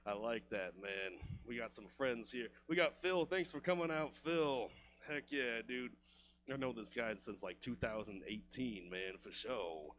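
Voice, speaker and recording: A man's voice: medium pitch, unhurried, fairly bright tone, slight background noise. A man doing a loose, profane stand-up comedy set in a comedy club, laughing at his own jokes.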